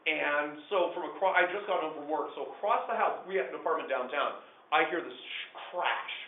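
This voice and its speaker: A man telling a true story to a small group of listeners, animated, swinging between hushed and loud. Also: a little high, normal speed, slight background noise. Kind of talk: live personal storytelling to listeners. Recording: echoey room over a tinny phone-like line.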